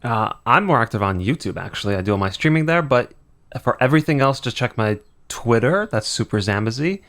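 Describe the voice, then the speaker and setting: Podcast guest, man, mid-range pitch, short laid-back answers. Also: lively intonation, fairly quick, a bit bright. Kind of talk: casual podcast chat.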